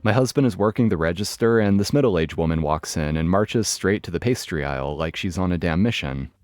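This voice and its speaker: Deep-ish guy reading reddit-style stories, dry close sound, faint music under. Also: a little mellow, no room sound. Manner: wry, matter-of-fact storytelling. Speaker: narrator. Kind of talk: scripted storytelling narration. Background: faint background music.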